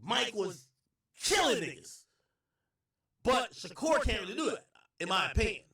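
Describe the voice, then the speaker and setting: High-pitched guy riffing on his stream, lively swings, sounds far off in a boomy room. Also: normal speed. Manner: animated, slangy, loose rambling talk. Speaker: livestream host. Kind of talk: casual reaction commentary. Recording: echoey, distant room sound.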